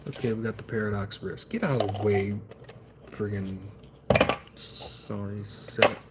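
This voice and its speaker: A man's voice: on the low side, steady tone, measured pace, heavy background noise. Rambling, wry man opening card packs. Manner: rambling, self-deprecating and wry. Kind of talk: casual stream chatter.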